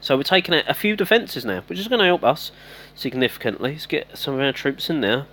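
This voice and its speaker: Man, rambling game commentary, chatty, quick to get frustrated, desk mic. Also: on the high side, sing-song. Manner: chatty, rambling, easily exasperated, shouts at his troops. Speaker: gameplay commentator.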